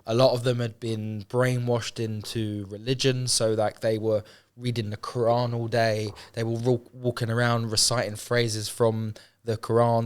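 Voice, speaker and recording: A man's voice: mid-range voice, clean tone. Man telling his story candidly. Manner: swears freely, frequent restarts, acts out quoted speech. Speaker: guest.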